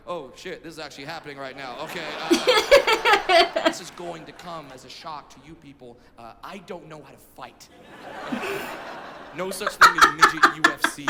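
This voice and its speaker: A man performing a stand-up comedy set, telling stories with animated delivery and shouted punchlines. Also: sits high, fairly quick. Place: stage in a comedy venue. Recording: echoey venue recording with noise.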